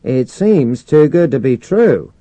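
A man voicing a wary male spaceship commander who speaks in a guarded, sarcastic way, raised well above his narrating pitch. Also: very animated, slow, mellow, no room sound.

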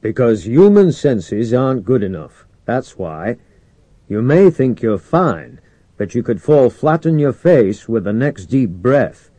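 A man voicing a cautious veteran male astronaut officer with a dry, wry, matter-of-fact manner, a little higher and louder than his narration. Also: sing-song, slow pace, no echo. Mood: insistent.

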